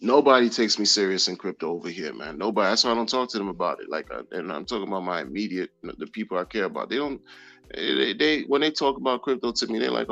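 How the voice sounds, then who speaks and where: A man's voice: medium pitch, brisk, gravelly. Man, casual livestream chat, repetitive slang, faint background music. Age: adult. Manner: animated, slangy, repeats phrases. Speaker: crypto livestream host. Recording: dull lo-fi audio with faint music.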